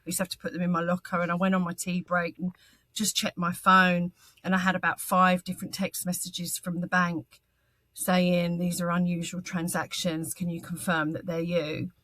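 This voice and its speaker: A woman's voice: on the low side, completely flat delivery, fairly bright tone, no echo. Earnest woman recounting hard times. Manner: halting, with frequent ums and restarts; earnest and candid. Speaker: guest sharing her story. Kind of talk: personal testimony in an interview.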